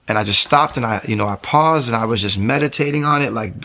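A man in his thirties giving a personal faith testimony, talking fast, restarting phrases and growing louder and higher at emotional peaks. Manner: fast, rambling storytelling with frequent restarts.

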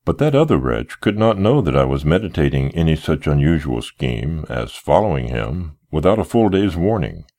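Male audiobook narrator, very low voice, expressive first-person storytelling. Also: moderate pace, few pauses. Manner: expressive storytelling, wide melodic swings.

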